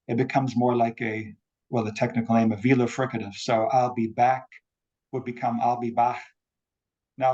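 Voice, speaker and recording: A man giving an academic talk over a video call, measured and explanatory. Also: mid-range voice, darkish tone, dull audio. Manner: measured lecturing, quotes examples. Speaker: academic speaker. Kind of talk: online forum talk.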